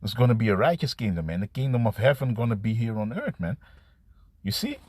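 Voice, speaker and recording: A man preaching an improvised scripture sermon to camera. He talks in a halting, repetitive way, restarting words and tagging lines with "man" and "you see.". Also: fairly low pitch, darkish tone, dry recording. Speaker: street-style preacher.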